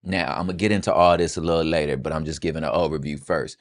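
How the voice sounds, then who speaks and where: A man's voice: extremely low pitch, steady tone, fast, no echo. A young man hosting a podcast, giving loose, slangy, joking political commentary. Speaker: podcast host.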